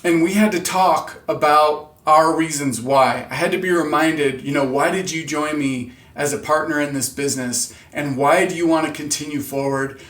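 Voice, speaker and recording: A man's voice: a little high, moderate pace, hardly any pauses, a bit bright. Earnest man in a roomy echo. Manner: earnest, candid, self-motivating. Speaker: channel host. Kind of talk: motivational vlog talk.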